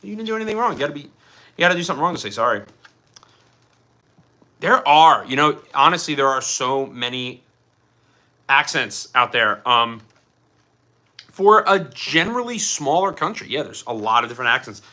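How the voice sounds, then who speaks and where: Expressive and sharp-toned, he talks at normal speed with medium pitch and long pauses. The man hosts a casual livestream from Philadelphia in a Philly accent, loosely chatting and reading comments aloud.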